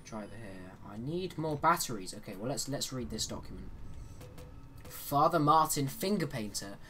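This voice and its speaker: A man's voice: medium pitch, lively intonation, normal speed, sharp tone, soft background music. A man giving casual, chatty commentary on a horror game while he plays, with joking asides. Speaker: let's play host.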